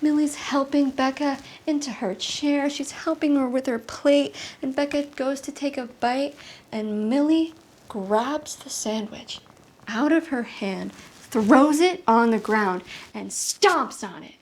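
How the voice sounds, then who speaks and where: A young woman doing solo stand-up comedy at home, telling a story in an animated way that jumps to high shrieks when she acts out scenes. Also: takes it slowly. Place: apartment.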